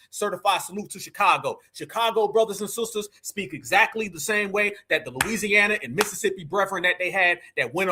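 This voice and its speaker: A man hosts a live stream in a fiery, preachy tone full of slang. His voice sits high and rings bright and sharp. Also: breathy edge. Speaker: livestream host.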